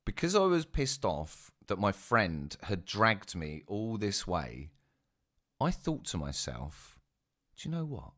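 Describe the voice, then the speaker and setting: A man's voice: low-pitched, very animated, takes it slowly, a bit bright. A young man telling a casual story, chatty and self-mocking, with asides to his listeners. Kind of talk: casual spoken anecdote.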